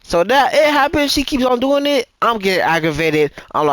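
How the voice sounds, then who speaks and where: A young man with a high voice that swoops up and down tells a story over a gaming mic. His talk is casual and profane, full of restarts and repeats, and the sound is close and dry. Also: sing-song, moderate pace, fairly bright tone, no echo, low-quality recording. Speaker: gamer telling a story in voice chat.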